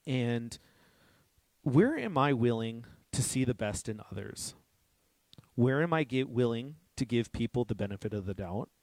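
A man's voice: medium pitch, a little mellow, dry recording. Young male pastor, conversational sermon, candid and self-deprecating, mid-range voice, dry close mic.

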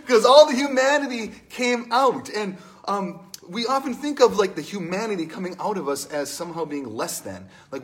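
A man preaching a conversational sermon in an animated, storytelling way, asking the congregation questions. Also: sits high, slight background noise.

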